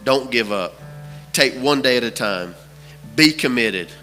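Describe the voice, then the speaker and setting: Man, pastor, sermon, bright forceful voice, repeats phrases, long church reverb. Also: medium pitch, lively intonation, a little slow, soft background music. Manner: storytelling, repeats phrases for emphasis. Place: church sanctuary.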